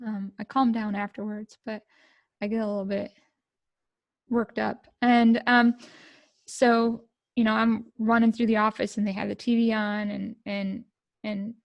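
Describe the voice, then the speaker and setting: A middle-aged woman from the United States, a podcast guest telling a personal story in an emotional, halting way with many fillers. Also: medium pitch, gravelly, no echo, dull audio.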